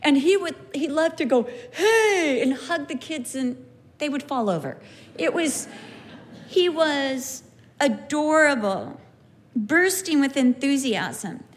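A former kindergarten teacher, a woman, telling stories about her class in an animated way, acting out her pupils' voices. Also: high-pitched, slow pace. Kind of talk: personal storytelling.

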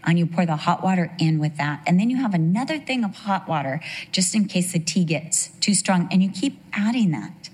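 This middle-aged American woman, a Bible teacher, has a lowish, husky, slightly mellow voice and talks a little fast with lots of animation. She delivers a chatty, story-driven sermon, full of asides and rhetorical questions aimed at her listeners.

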